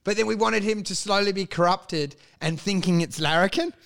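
A young Australian man with a notably high-pitched voice chats in a loose, profane way. He jumps from idea to idea and acts out other people as he goes. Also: normal speed, vocal fry, smooth. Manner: animated, swearing, acts out people in bits. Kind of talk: casual chat.

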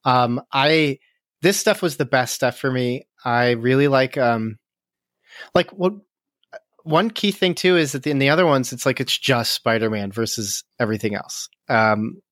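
A man co-hosting a podcast, reflecting on a movie in a thoughtful, halting way. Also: mid-range voice, a bit bright, no room sound, clean studio sound. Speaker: podcast co-host. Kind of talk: casual movie review chat.

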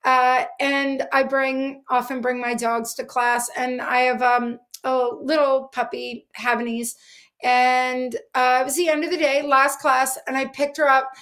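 A middle-aged woman dog trainer answers interview questions earnestly, using many fillers. Her voice is high-pitched with a fairly bright tone.

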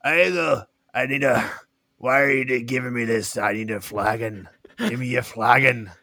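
A man voicing a gruff, brusque dwarf man who keeps demanding ale in a tabletop game. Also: mid-range voice, steady tone, normal speed, sharp tone, dry recording, studio quality. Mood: indignant.

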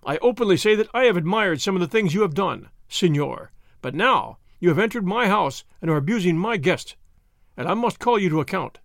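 An aged, hot-tempered nobleman, voiced by a man reading aloud speaks loud and indignant. The pitch moves a lot, and the sound is dry. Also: lively intonation, a little fast, vocal fry, dry recording, full character voice. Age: older.

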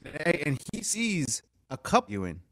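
A man's voice: on the high side, normal speed, no echo. Guy telling stories w friends, bouncy up and down voice, acts out the quotes, dry sound. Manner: animated storyteller, acts out quotes, laughs often. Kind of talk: casual storytelling chat.

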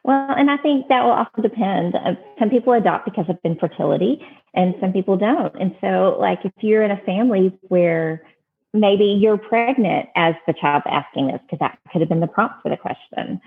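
A woman's voice: medium pitch, normal speed, vocal fry, breathy edge. A woman giving earnest, plainspoken advice in casual talk, often restarting her sentences. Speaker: adoption advice guest. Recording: phone-like narrow band.

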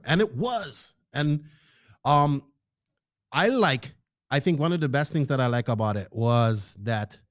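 A man hosting a casual podcast, joking, excitable and swearing freely while he thanks sponsors and chats with a guest over a remote call. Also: mid-range voice, no room sound, clean studio sound. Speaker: podcast host. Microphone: podcast microphone, remote call.

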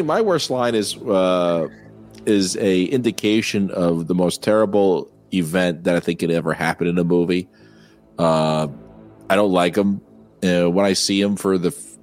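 A man co-hosting a casual movie review chat, rambling and hesitant, with many fillers. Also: sits low. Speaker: podcast co-host.

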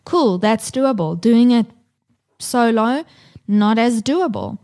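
A woman in her thirties co-hosting a podcast, her voice sitting on the high side. She talks in a candid, unfiltered way and swears freely as she tells stories from family life. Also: expressive, takes it slowly, dark tone. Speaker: podcast co-host. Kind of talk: casual chat.

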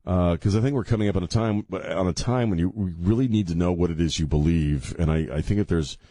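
A radio host rambles casually and jokes at his own expense before turning earnest about faith. He talks fast in a low, warm voice. He's on a studio mic with headphones, with no room sound.

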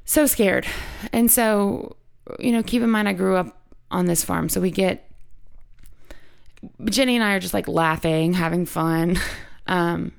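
A woman's voice: fairly low pitch, measured pace. A woman hosting a podcast, telling a personal story in casual chat, rambling and frank, swearing freely. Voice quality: creaky.

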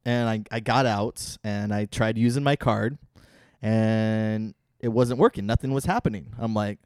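A man's voice: on the low side, moderate pace, darkish tone, no room sound, studio quality. A young man co-hosting a podcast in an easygoing, laughing way. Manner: laid-back, laughs a lot, says yeah often. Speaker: podcast co-host. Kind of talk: casual banter.

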